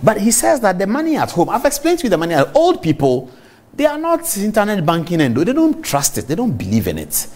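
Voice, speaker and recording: Animated Ghanaian male TV host. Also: sits high, a little fast. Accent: Ghanaian English. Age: middle-aged. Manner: emphatic, animated, addresses viewers directly. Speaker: TV talk show host. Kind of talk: studio commentary monologue.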